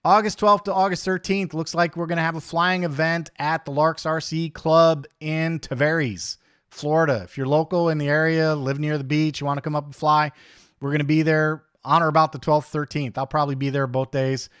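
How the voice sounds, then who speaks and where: A man's voice: on the high side, flat delivery, moderate pace, fairly bright tone, clear, resonant tone, no room sound, studio quality. A man hosting a casual livestream, chatty and blunt, joking and ranting while he reads viewer comments. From United States. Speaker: livestream host.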